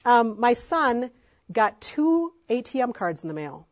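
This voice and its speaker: A woman's voice: a little high, sing-song, a little slow, darkish tone. A middle-aged woman, an adoptive mother, speaking with passion and emphasis in a faith-based talk to parents, with frequent fillers.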